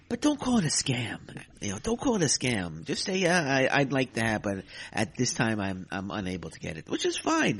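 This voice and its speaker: A man's voice: mid-range voice, fairly bright tone. A man hosting a solo podcast, ranting in an exasperated way and repeating himself as he talks. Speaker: podcast host. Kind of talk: casual solo podcast commentary.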